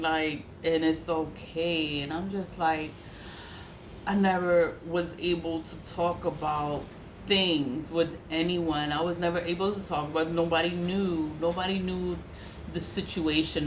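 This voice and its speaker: A woman telling a personal story in casual talk, animated and exasperated, repeating her phrases and laughing between lines. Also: on the low side. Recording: echoey room with faint hiss.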